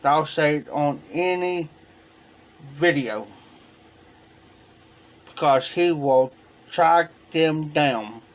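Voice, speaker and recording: Slow, high-voiced American man rambling. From United States. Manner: rambling anecdotes, repeats himself, acts out dialogue. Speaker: livestream host. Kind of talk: casual storytelling chat. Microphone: streaming setup, live video.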